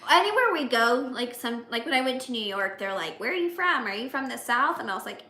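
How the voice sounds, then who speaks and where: A woman from the US Midwest chatting casually, giggly and animated as she tells stories. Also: on the high side, fairly quick, roomy sound. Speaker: guest, fiancée of the cameraman. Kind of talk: casual chat.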